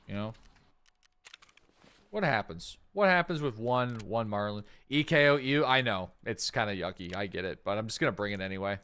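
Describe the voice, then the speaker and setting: A man's voice: lowish voice, fairly bright tone. Rambling man streaming a game. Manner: rambling, thinking aloud with many fillers. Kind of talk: casual live-stream gameplay chat.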